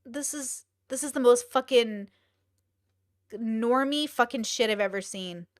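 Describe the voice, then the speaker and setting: A young woman hosting a live stream, talking bluntly with lots of swearing and rapid rhetorical questions. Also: on the high side, no echo, clean studio sound. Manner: blunt, profane and exclaiming. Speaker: streamer host. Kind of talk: casual live-stream commentary.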